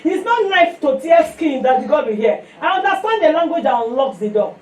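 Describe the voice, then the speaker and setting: A woman's voice: sits high, fairly quick. A woman with a Nigerian accent preaching a sermon, telling stories animatedly and calling for responses from her listeners. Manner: animated storytelling with call-and-response. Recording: echoey room, far from mic, faint noise.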